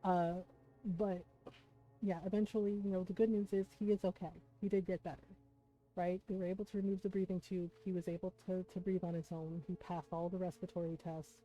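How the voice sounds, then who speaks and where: A woman's voice: fairly low pitch, little pitch movement, brisk. A woman streamer, chatting casually and emotionally to her viewers, close to tears and full of fillers. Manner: emotional, many fillers and "right?" asides. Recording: dull lo-fi stream audio with soft music.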